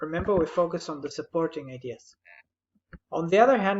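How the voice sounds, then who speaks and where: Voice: mid-range voice, animated, a little fast. Brief: patient writing tutor giving feedback on a summary, slightly dull lo-fi recording with faint background noise. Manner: patient, explanatory, gently correcting. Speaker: English writing teacher.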